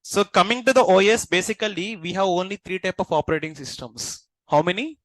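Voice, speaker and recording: A man, lecturing a class as instructor and constantly checking understanding with quick questions. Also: high voice, fairly bright tone, no room sound, low-quality recording.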